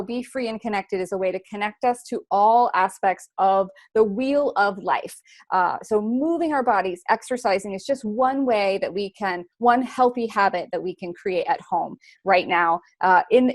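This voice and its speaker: A woman's voice: mid-range voice, no room sound. Upbeat woman hosting an online show. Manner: upbeat, encouraging, frequent "uh" fillers. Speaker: host.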